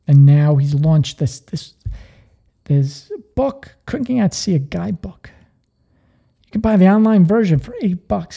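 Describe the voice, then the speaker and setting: Male podcast host, earnest motivational talk, dark gravelly voice. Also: on the high side. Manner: earnest, energetic storytelling.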